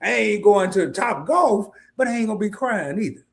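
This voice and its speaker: Animated, slangy man hosting a livestream. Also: normal speed, gravelly. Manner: animated, colloquial, addresses viewers as y'all; mimics worried investors in high voice. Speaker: investing livestream host. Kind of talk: casual livestream chat.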